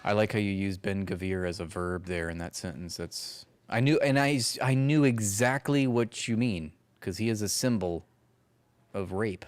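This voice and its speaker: A man's voice: on the low side, moderate pace. Sarcastic man giving profane commentary. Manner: sarcastic, mocking. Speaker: co-host.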